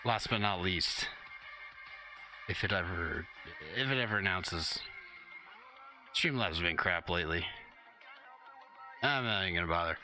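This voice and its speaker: A man's voice: low voice, a little slow, pauses often, sharp tone, soft background music. A man hosting a casual crypto live stream, chatty and slangy, a bit out of breath and just woken up.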